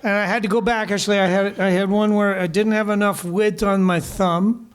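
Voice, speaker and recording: A man's voice: sits high, flat delivery, fairly quick, clear, resonant tone. An older man, a guest musician, chatting onstage at a live show in an easygoing way, chuckling and restarting his sentences. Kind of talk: casual onstage chat. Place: live music venue with audience.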